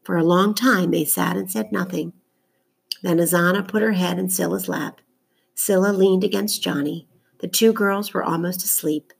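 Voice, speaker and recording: Woman, audiobook narrator, gravelly, husky, measured storytelling. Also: lowish voice, steady tone. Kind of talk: reading a children's novel aloud.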